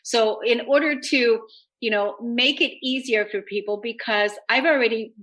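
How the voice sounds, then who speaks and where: A woman's voice: on the high side, normal speed, fairly bright tone, low-quality recording. A woman hosting a talk radio show, speaking in an upbeat, earnest way in long flowing sentences about self-help.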